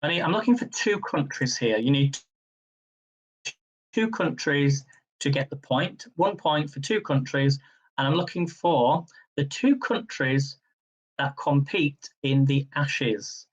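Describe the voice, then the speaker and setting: A man hosting a live-streamed general knowledge quiz. He chats casually between questions, then reads each question slowly and repeats it. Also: on the high side, animated, slightly rough, recorded from a distance, dull audio. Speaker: quiz host.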